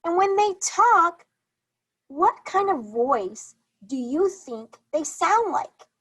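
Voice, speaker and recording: A woman's voice: extremely high pitch, sing-song, takes it slowly, fairly bright tone, poor audio. A woman teacher on a video call, leading a reading lesson for young children, encouraging and repeating questions to the class.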